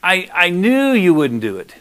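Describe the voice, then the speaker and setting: A man voicing a pouting, self-pitying adult male prophet, whiny and loud. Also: high voice, huge pitch swings, a little slow, clear, resonant tone, full character voice. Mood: complaining.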